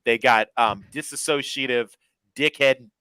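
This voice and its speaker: A man co-hosting a podcast in casual chat, telling stories in a crude, profane, animated way. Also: mid-range voice, a little slow, clean tone, dry recording, low-quality recording. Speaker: podcast co-host.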